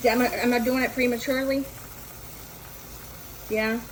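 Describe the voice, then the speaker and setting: With a frying pan sizzling loudly behind her, a woman with a higher voice chats casually while cooking at home, talking to viewers and making fun of herself. Her intonation is fairly even and her pace moderate, with background noise throughout.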